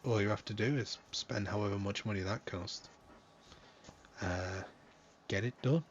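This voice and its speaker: A man's voice: on the low side, a little slow, lo-fi sound, slight background noise. A man hosting a racing league stream in a casual, joking manner, swearing freely. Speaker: league host and commentator. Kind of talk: casual live-stream commentary.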